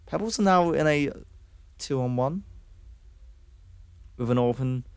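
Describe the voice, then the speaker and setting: A UK esports caster gives play-by-play of an online match in a medium-pitched, clear, resonant voice, speaking slowly. He's excitable, jumping up sharply on kills and chatting with stream viewers between rounds, with no echo.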